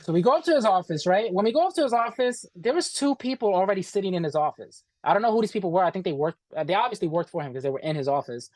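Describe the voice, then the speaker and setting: A man's voice: high voice, very fast, few pauses, dry recording. Profane man retelling a story, dry sound. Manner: animated, profane, acts out quoted dialogue, says "bro". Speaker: interview guest. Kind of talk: casual storytelling.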